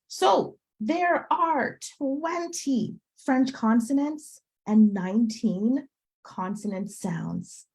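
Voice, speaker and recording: A woman teaching a live online lesson to parents, sounding out sounds slowly and checking in often with "okay?", heard over a video call. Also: medium pitch, darkish tone. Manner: sounds out letters slowly and repeats them. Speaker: French tutor.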